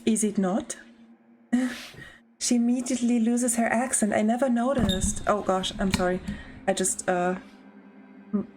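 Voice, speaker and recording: A woman's voice: fairly high pitch, fairly even intonation, unhurried, pauses often, darkish tone, a little hiss or hum. A young woman streamer chatting casually and giggling while she plays a game and answers chat. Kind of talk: casual let's-play commentary.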